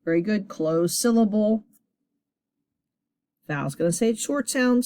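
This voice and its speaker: A woman teacher leading a children's reading lesson, encouraging her class and sounding words out slowly at a board. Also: medium pitch, expressive, dark tone, clean tone, no room sound.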